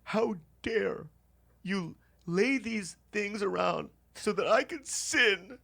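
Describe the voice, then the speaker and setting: A man voicing his devout born-again Christian roommate, making him shrill, prissy and indignant. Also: slow, vocal fry, bright, forceful tone, heavily acted. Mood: outraged.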